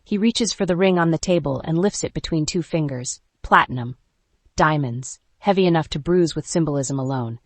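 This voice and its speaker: A narrator reading a first-person romance audiobook in an even, measured way, with clipped dramatic pauses. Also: medium pitch, dry recording.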